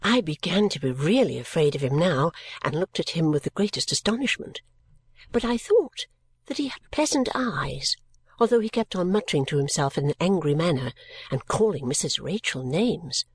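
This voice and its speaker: A woman narrating a story in the first person, reading in a gentle, measured way. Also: deep voice, lively intonation, breathy edge, dry recording. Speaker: audiobook reader.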